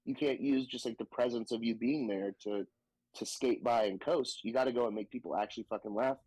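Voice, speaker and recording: A man's voice: medium pitch, fairly quick, slightly rough, dry recording, rough recording. Profane Southern man telling a comedy story. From Southern United States. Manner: animated, profane, jumps into quoted voices. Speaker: stand-up comedian guest. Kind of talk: casual podcast storytelling.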